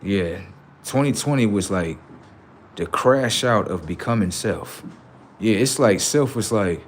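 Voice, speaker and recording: A man hosting a livestream, telling casual stories to his viewers in an animated way, swearing freely and acting out voices. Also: fairly low pitch, measured pace, slight background noise. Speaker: livestream host.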